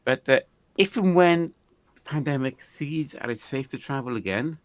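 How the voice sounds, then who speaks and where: A man co-hosting a casual group chat, pitching ideas with enthusiasm. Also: moderate pace, no room sound. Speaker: podcast co-host.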